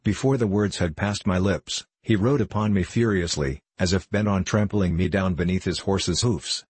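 A man with a very low, husky voice playing a polite, formal young gentleman in an audiobook. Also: normal speed, dry recording. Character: young gentleman, polite and earnest, recounting a robbery.

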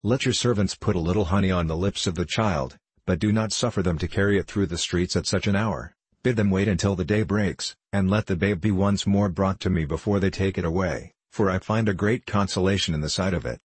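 A man voicing a tearful, proud noble young lady in an audiobook reading, in a husky voice. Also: low voice, a little fast, hardly any pauses, no room sound. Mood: pleading.

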